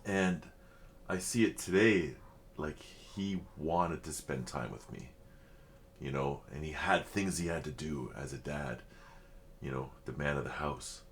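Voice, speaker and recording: A middle-aged man with an extremely low, deep voice chats casually and reflectively to his viewers. He speaks in a halting, heartfelt way, pausing and restarting often. He is openly emotional as he shares his thoughts. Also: a bit bright, a little hiss or hum. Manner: halting, many fillers and restarts. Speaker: reaction video host.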